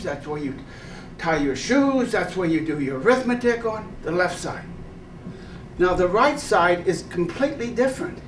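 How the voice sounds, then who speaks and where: A man leads a workshop lecture, lively and full of questions for his listeners. His voice sits high. The room is echoey and he is picked up from a distance, with a faint hiss behind him. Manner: lively, asks the audience rhetorical questions. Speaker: workshop leader. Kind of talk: lecture to a live workshop audience. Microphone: far camera mic, no personal mic.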